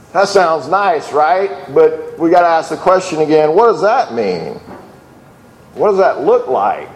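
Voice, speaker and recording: Guy giving a sermon, kinda high voice, lots of uh and restarts, big echoey church hall. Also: a little hiss or hum. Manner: earnest, with fillers and restarts, acts out quoted lines. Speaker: pastor. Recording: echoey hall with long reverb.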